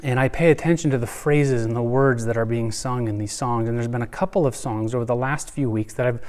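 A man's voice: medium pitch, fairly quick. Earnest man preaching a sermon. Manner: earnest, swings between soft hushed lines and rising emphasis. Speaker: pastor.

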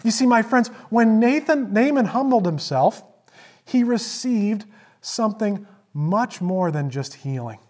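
A pastor preaching a sermon, retelling a story with emphatic repetition and swings from loud emphasis to hushed asides. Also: mid-range voice, very animated, a little slow.

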